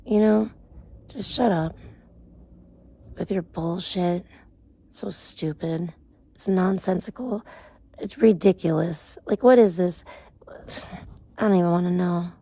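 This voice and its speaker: A woman's voice: fairly low pitch, fairly even intonation, unhurried, vocal fry, long pauses, dark tone, no echo. A woman live streamer in casual chat, rambling and ranting with plenty of swearing.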